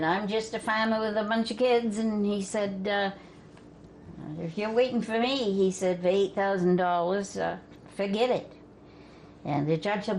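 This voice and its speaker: An older woman from Vermont telling family stories in a folksy way, laughing as she goes and dropping her voice low for the men she quotes. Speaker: storyteller guest. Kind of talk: family storytelling. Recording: faint background noise.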